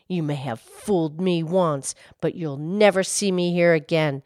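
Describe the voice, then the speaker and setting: A woman voicing a boastful swindling man who blusters loudly and indignantly. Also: mid-range voice, animated, slow, no echo.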